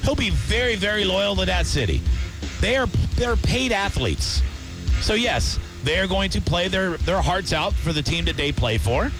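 Heated, animated male sports radio host. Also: high voice, normal speed, music in the background. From Tampa area. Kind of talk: sports talk rant.

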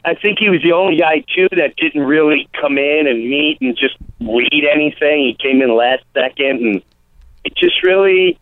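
A man's voice: on the high side, no echo. Rambling man on a tinny phone line. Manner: rambling, lively, slips into quick impressions of people. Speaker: guest comedian. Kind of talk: casual interview chat.

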